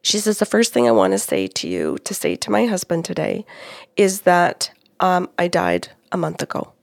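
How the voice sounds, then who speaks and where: Gravelly-voiced woman telling a story. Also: lowish voice, normal speed, dry recording, studio quality. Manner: animated, quotes spirits and clients, laughs often. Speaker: psychic medium, co-host. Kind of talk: storytelling about a reading.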